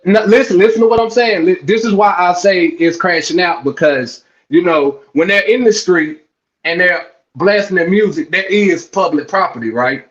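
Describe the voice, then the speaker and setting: Calm man arguing on a muffled mic. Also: high-pitched. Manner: calm, measured, repeats his point. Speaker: panelist on a sports stream. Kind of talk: casual panel debate.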